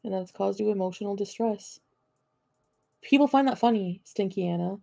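A woman's voice: mid-range voice, moderate pace, vocal fry, warm tone, no room sound. Profane, combative woman ranting on stream. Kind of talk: livestream rant at chat.

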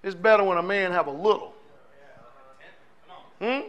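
A man's voice: sits high, moderate pace, a bit bright, dull audio. A male pastor preaching a sermon in a fiery, conversational way, firing off rhetorical questions to his congregation.

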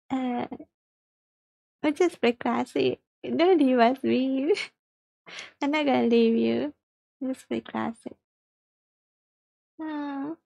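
A woman's voice: high-pitched, vocal fry, mellow, dry recording, muffled recording. A woman livestreaming a mobile game, chatting casually with viewers, reading chat aloud and giggling often.

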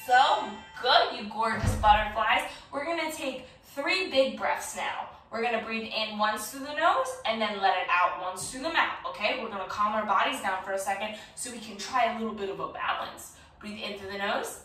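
A woman's voice: on the high side, normal speed, hardly any pauses, sharp tone, soft background music. A woman leading a children's yoga class with a playful, encouraging, sing-song manner. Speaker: kids yoga teacher. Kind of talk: guided kids yoga instruction. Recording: very echoey room from a distance.

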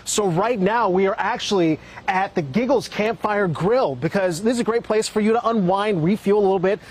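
A man's voice: high-pitched, normal speed, slightly rough, low-quality recording. A male TV reporter doing a live, upbeat field segment from an outdoor food stand, bantering playfully. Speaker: TV morning reporter.

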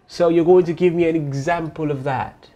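A man's voice: a little high, steady tone, normal speed, warm tone. A man playing a stern, exasperated interviewer in a comedy skit, with music playing under him.

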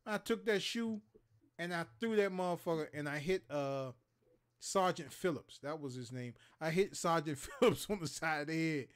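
Animated, profane male storyteller. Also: a little high, normal speed, clean tone. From Maryland, USA. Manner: profane, animated storyteller who acts out other people's lines. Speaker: co-host of a gaming talk show. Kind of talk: casual storytelling on a livestream.

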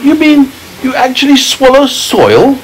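A man's voice: big pitch swings, a little slow, heavily acted, poor audio. A man voicing a curious young boy in a storybook read aloud to a child. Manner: high, eager questioning voice.

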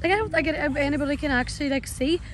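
A woman's voice: high-pitched, fast, faint music behind. A young Irish woman vlogging casually to her phone while out and about, rambling and bubbly with lots of "like". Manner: bubbly, rambling, heavy use of "like". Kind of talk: casual vlog chat to camera. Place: outdoors in countryside and a park.

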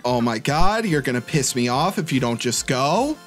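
A man's voice: mid-range voice, sing-song, normal speed, few pauses, faint music behind. A young man giving let's-play commentary, muttering in frustration at a hard game and saying "dude" a lot. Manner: says "dude" constantly. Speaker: gaming YouTuber.

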